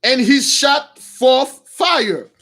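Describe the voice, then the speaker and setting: A man retelling a Bible story with lively, slangy commentary, calling his listeners brothers. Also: very high voice, extremely slow.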